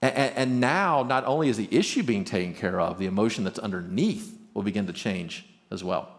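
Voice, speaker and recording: A man's voice: lowish voice, animated, brisk. Earnest man giving a talk. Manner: earnest, conversational, restarts often. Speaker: marriage conference speaker. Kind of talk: live talk to an audience.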